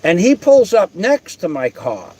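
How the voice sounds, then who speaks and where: A man's voice: high voice, wildly swooping pitch, measured pace, a little mellow. An older man telling a long personal story in a blunt, profane, rambling way, full of restarts. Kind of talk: casual storytelling.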